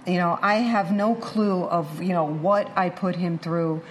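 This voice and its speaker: Speaking in a lowish, unhurried voice over slight background noise, a middle-aged woman tells an audience her recovery story. She is candid and animated, performing the voices of those she quotes.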